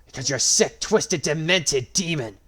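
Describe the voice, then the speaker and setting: Defiant young swordsman, cold and sharp, man reading. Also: mid-range voice, expressive, a little fast, close to an everyday voice. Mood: furious. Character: angry young male swordsman hero.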